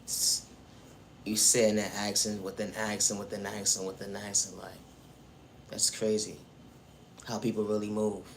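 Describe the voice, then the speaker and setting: A man's voice: on the low side, little pitch movement, normal speed, long pauses, slight background noise. A man delivering a preachy motivational monologue about faith and self-worth, speaking straight to the viewer and returning again and again to the same refrains. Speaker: spiritual vlogger.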